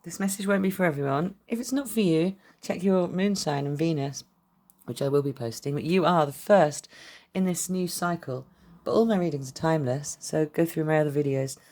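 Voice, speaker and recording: A woman with a low-pitched voice talks her way through a tarot reading straight to camera. She rambles in a loose, chatty way and swears bluntly. The sound comes from a camera mic. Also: brisk, a little mellow. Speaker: tarot reader.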